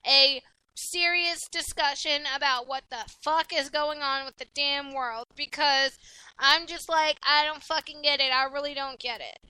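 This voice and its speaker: A woman's voice: high-pitched, fairly even intonation, unhurried, bright, forceful tone, dry recording, rough recording. A woman co-hosting a casual podcast, blunt and rowdy, swearing freely and often laughing. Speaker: podcast co-host. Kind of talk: casual profane chat.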